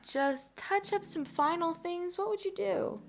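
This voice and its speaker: A woman's voice: very high voice, measured pace, creaky, soft background music. A woman chatting casually and enthusiastically with her co-host while they draw together. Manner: upbeat, enthusiastic, giggly. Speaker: co-host drawing with a partner. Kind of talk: casual chat while drawing.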